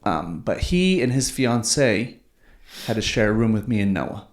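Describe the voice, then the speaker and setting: A man's voice: fairly low pitch, sing-song, moderate pace. A man hosting a podcast, telling stories in a casual, slangy way, swearing and saying "dude" a lot. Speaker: podcast host. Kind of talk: casual storytelling chat. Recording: roomy echo.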